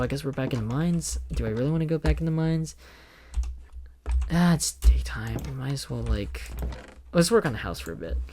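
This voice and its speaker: A young man talking casually while playing a survival game, rambling in loose thoughts and swearing when startled. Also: medium pitch. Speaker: gaming video creator. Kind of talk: casual gameplay commentary.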